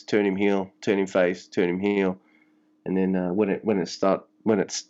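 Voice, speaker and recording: A man co-hosting a casual podcast, talking fast and animated with plenty of swearing. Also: lowish voice, muffled recording. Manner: animated, swearing, mock-voices for quotes. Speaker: podcast co-host. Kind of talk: casual wrestling chat.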